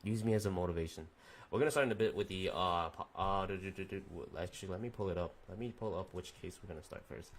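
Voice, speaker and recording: Rambling low-voiced young guy streaming. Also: fast talker. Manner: rambling, loose and profane. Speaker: podcast streamer. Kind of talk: casual chat with live chat viewers.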